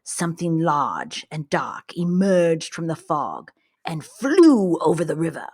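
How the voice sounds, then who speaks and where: A woman's voice: low voice, sing-song, a little mellow, breathy edge, exaggerated voice. Woman doing a bad mock-Russian traveler. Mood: hushed. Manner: reads slow with a bad mock Russian accent. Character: Russian male traveler in the wilds.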